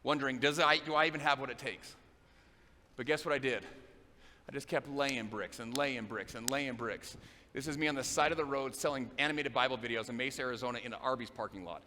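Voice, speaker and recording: A middle-aged man giving an energetic motivational speech on stage at a business event, repeating phrases in a driving, emphatic rhythm. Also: medium pitch, brisk, a little hiss or hum. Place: large event hall, live on stage. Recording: echoey hall, faint ambience.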